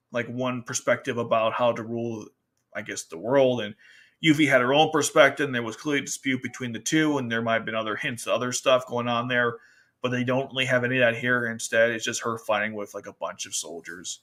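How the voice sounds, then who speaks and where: A man casually reviewing a manga, chatting loosely and acting out characters' lines as he goes. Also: mid-range voice. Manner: chatty, animated, quotes characters in exaggerated voices, laughs often. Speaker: anime review host. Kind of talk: casual commentary.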